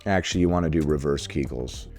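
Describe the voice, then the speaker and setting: A man's voice: extremely low pitch, fast, darkish tone, soft background music. A man hosting a reaction video, giving casual, sarcastic, mocking commentary on a clip.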